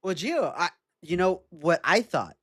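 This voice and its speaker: A man's voice: high voice, big pitch swings, unhurried, fairly bright tone, dry recording, clean studio sound. A man co-hosting a podcast, joking around with goofy interjections and laughing often. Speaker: podcast co-host. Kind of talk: casual political chat.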